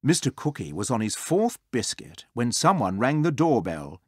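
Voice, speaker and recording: A storybook narrator reading a children's tale aloud in an expressive, sing-song way. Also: medium pitch, moderate pace, few pauses, no room sound, clean studio sound.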